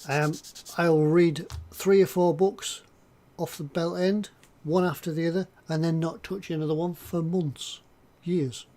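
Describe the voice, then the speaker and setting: An older man chats through a casual live stream, reading viewer comments aloud. He rambles, stalls on words and restarts his thoughts often. His voice sits a little higher than most men's. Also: steady tone, measured pace, mellow. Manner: rambling, hesitant, lots of ums and restarts.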